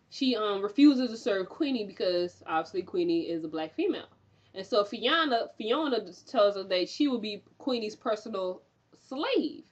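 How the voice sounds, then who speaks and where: A young woman recapping a TV episode in a chatty, animated way, with lots of fillers and frequent laughter. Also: mid-range voice, dull audio. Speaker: TV recap reviewer.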